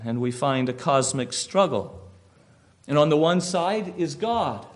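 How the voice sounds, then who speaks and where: A pastor preaching a sermon, telling a story emphatically with rhetorical questions. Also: male voice, a little high.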